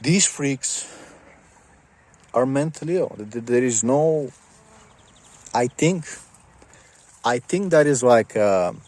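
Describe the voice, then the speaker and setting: A man's voice: mid-range voice, expressive, slow, pauses often, a little mellow. A man ranting casually to the camera in a rambling, sarcastic, mocking way.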